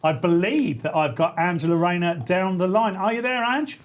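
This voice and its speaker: A man's voice: sits high, normal speed. A man hosting a comic radio show, reading out listener letters in a mock-earnest way and breaking into giggles. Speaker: radio host. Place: radio studio.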